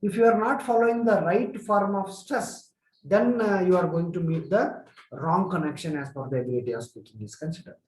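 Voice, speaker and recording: Indian male lecturer, slightly high voice, earnest and repetitive, echoey classroom sound. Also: a little mellow. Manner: earnest, repetitive explaining with many "uh" pauses. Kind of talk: spoken lecture. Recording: echoey room.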